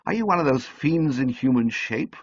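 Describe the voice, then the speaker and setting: A man reading an audiobook, voicing a kind, decisive young woman who talks in a brisk, teasing way. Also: medium pitch, expressive, breathy edge, no echo, dull audio, voice pushed up. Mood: kindly. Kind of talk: audiobook character voice.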